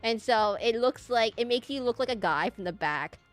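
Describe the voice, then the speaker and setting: A woman's voice: on the high side, expressive, normal speed. Young woman, casual gameplay streamer, chatty and giggly, faint game music underneath. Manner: rambling, laughing, talking to chat.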